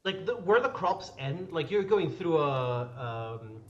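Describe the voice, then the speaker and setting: Halting man running a tabletop game. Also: fairly high pitch, very animated, highs cut off. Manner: halting, rambling narration. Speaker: game master.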